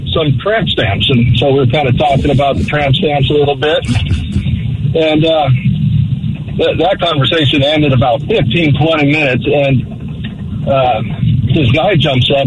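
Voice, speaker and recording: An easygoing man calling in to a radio show, rambling through his story with plenty of ums and uhs. His voice sits a bit high, and it comes through a dull, muffled phone line. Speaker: caller. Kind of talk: telling a story on a call-in show.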